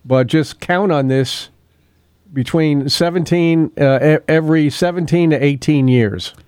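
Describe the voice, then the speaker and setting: A man's voice: fairly high pitch, a little slow, a little mellow, clean tone, no echo, studio quality. A middle-aged man hosting a local radio show, chatting casually, often chuckling and losing his place in his notes. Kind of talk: casual morning radio talk. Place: radio studio.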